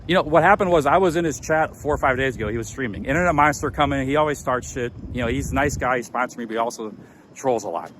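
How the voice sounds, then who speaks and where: A man's voice: medium pitch, fast talker, fairly bright tone, slight background noise. A man livestreaming outdoors on city streets, agitated and defensive, with stammering restarts. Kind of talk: live walk-and-talk stream.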